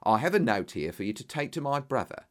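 An eager, flattering businessman bursting with exclamations, as a male narrator puts him on, his pitch leaping high and low with lively swings. The storybook voice is animated and persuasive, every offer sounding grand. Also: quick pace. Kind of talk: audiobook character voice.

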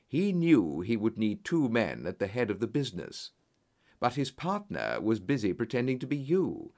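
A man voicing a confident, sharp-minded male detective in a storybook reading, brisk and commanding as he explains. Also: on the low side.

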